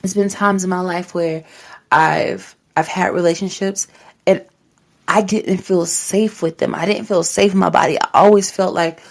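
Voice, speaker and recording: A woman's voice: lowish voice, fairly even intonation, normal speed, creaky. Young woman doing a faith podcast, heartfelt, talks right to her listeners, casual and encouraging. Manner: casual, says "like" often. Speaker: podcast host. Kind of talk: faith-based motivational talk.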